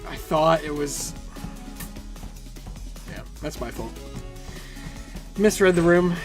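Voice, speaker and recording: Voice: mid-range voice, slow pace, over music. A young adult game streamer chatting casually with their audience while playing, rambling in a sarcastic, self-mocking way. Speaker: game streamer reading chat.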